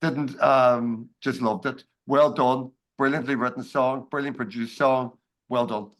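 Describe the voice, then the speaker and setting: A man with a Donegal Irish accent, giving a casual spoken review of a song over a video call, enthusiastic and halting with many fillers. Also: mid-range voice, steady tone, a bit bright, rough recording. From Ireland, Donegal. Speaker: guest reviewer.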